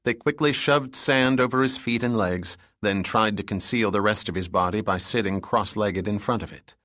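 A man narrating an audiobook thriller in a steady, measured reading. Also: lowish voice, dry recording, clean studio sound.

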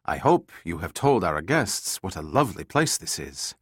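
A man's voice: deep voice, very animated, moderate pace, husky, no room sound, pitched below the performer's own voice, heavily acted. Guy putting on a sneering european-accented colonel, lordly and cruel, dry close sound. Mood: mocking. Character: menacing male colonel, commander of a lab, mocking and cruel.

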